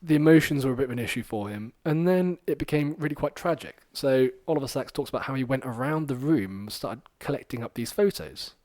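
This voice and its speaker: A man's voice: mid-range voice, a little fast, hardly any pauses, no room sound. Man podcast host, casual rambling storyteller, fillers, mid-range voice, dry close sound. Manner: rambling and animated, many fillers, acts out quoted lines.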